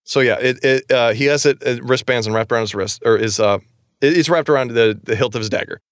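A man's voice: medium pitch, fast talker, no room sound, studio quality. A man co-hosting a podcast, recapping a book in casual chat; he rambles, laughs and swears casually.

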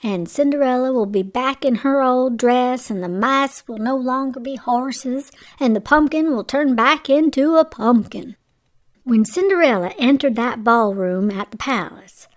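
Slow, gentle woman telling a bedtime story. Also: a little high. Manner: gentle, slow, sometimes drops to a whisper. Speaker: storyteller and radio host.

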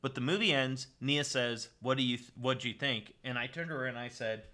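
Young male co-host, rambling, middle pitch, very bright tone. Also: fairly quick, few pauses. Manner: rambling, restarts a lot. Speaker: podcast co-host. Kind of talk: casual chat.

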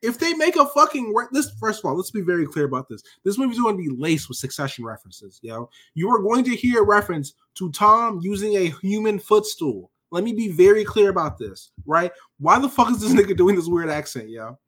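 A man co-hosting a podcast in casual chat, ranting in an animated, profane and emphatic way. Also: sits high, a little fast, hardly any pauses, husky. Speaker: podcast co-host.

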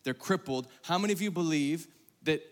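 Conversational preacher man in a reverberant hall. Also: brisk. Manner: conversational, calls on the audience to raise hands; swings between loud emphatic bursts and hushed, low passages. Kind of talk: sermon to a live congregation. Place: large hall with a congregation.

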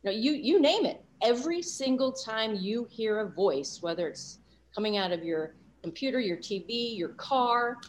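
A woman of sixty from Los Angeles, a guest voice actor talking about her career in an animated, enthusiastic way with frequent fillers. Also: fairly high pitch, normal speed, a little hiss or hum. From Los Angeles, USA. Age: 60s. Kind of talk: casual interview chat.

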